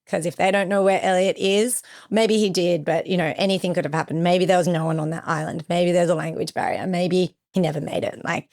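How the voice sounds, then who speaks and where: A young woman with a slightly low voice, speaking as a podcast guest. She tells a personal survival story with vivid retelling, jumping into other people's lines as she goes. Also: steady tone, a little fast, vocal fry, hardly any pauses, a little mellow. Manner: vivid retelling with acted-out quotes.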